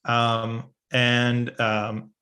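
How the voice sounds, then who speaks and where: A man moderating a panel discussion over a video call, relaxed and hesitant with many fillers. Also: medium pitch, very slow.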